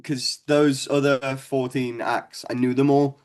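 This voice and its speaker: A man's voice: mid-range voice, flat delivery, a little slow, darkish tone. A young man with a Scouse accent, a stand-up comedian guest telling rambling, sweary stories and laughing along. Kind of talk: casual storytelling chat.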